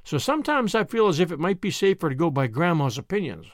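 Man voicing grave little boy, earnest, thoughtful, audiobook, high lively voice. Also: fast talker, dry recording, clean studio sound. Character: earnest, serious young boy. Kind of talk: audiobook character reading.

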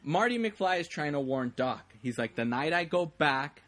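A man's voice: fairly high pitch, lively intonation, normal speed, fairly bright tone. A man in casual chat about a movie, rambling and acting out lines in quoted voices.

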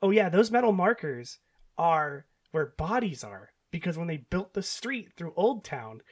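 Guy with a high voice hosting a podcast, laughs a lot, swears, retells scenes with energy. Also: big pitch swings, a little slow. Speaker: podcast host. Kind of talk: casual chat.

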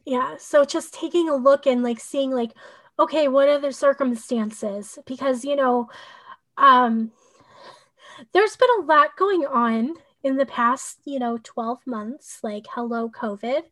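Speaking slowly in a high, slightly bright voice, a human design coach chats casually on a podcast. Her talk wanders, packed with "like" and "you know," with a sarcastic remark now and then.

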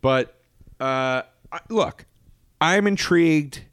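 A man co-hosting a podcast in casual chat, animated, often restarting sentences and jumping up in pitch for emphasis. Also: slow, smooth, no room sound. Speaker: podcast co-host.

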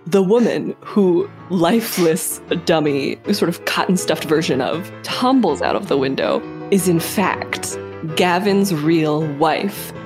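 A woman's voice: on the low side, slow, over music. A young woman co-hosting a podcast, recapping a film in playful, laugh-filled casual chat. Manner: laughs often, playful, acts out characters in quotes. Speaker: podcast co-host.

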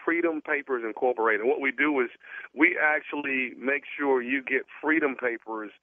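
Halting man on a prank phone call. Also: no room sound. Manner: earnest, halting sales pitch with many restarts. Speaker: prank caller posing as salesman. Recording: tinny phone line.

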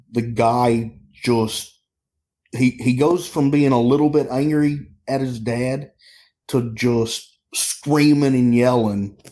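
A sheriff's deputy recounts a call in an interview. His voice is mellow and relaxed, and he talks haltingly, repeating and restarting his words. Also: mid-range voice. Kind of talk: interview storytelling.

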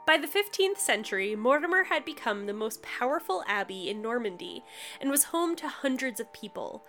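A woman co-hosts a chatty podcast in a high, bright voice. She reads from her notes but keeps breaking into giggles and playful asides. Faint music plays behind her. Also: sing-song, moderate pace. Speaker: podcast co-host. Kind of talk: casual scripted podcast chat.

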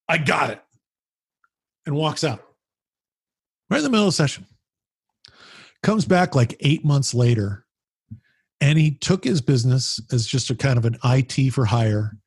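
Husky man telling animated anecdotes. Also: mid-range voice, dry recording, clean studio sound. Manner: animated, rambling anecdotes with frequent restarts and mild swearing. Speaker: podcast guest, founder of a business mastermind group. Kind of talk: casual storytelling conversation.

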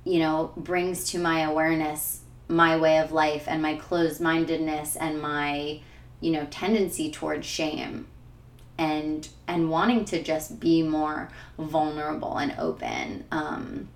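A woman's voice: deep voice, measured pace, reverberant. A young woman podcaster talking candidly and searchingly to herself, with many fillers and a tearful edge at times. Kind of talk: personal reflective monologue.

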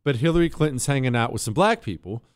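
A man's voice: mid-range voice, animated, fast, clear, resonant tone, no room sound. A man hosting a talk radio show, delivering an emphatic, opinionated monologue with sarcastic asides into a studio microphone.

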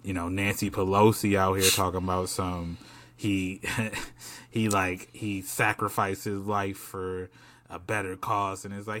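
Man, podcast co-host, casual chat, profane slang, a bit low-pitched. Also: measured pace, a crowd in the background. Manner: loose, profane, animated slang.

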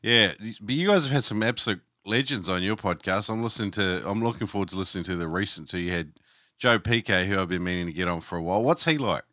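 Laid-back podcast host. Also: male voice, low-pitched, fast, sharp tone, dry recording, studio quality. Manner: laid-back, chatty, joking. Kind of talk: casual podcast interview.

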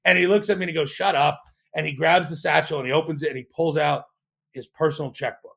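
A man, a startup co-founder, telling an animated story in a podcast interview, acting out quotes with frequent restarts. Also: fairly high pitch, fast, gravelly, husky.

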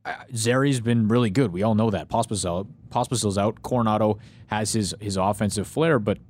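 A man's voice: lowish voice, fairly quick, darkish tone. A man co-hosting sports radio, thinking aloud in casual chat and checking in with "right?". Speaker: radio show co-host.

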